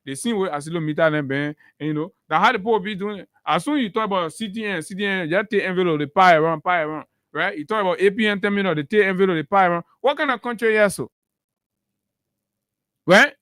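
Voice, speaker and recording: A man's voice: sits high, fast talker, fairly bright tone, dry recording, clean studio sound. Heated Liberian man giving political commentary. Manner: heated and emphatic, repeats phrases for force. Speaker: morning talk show commentator.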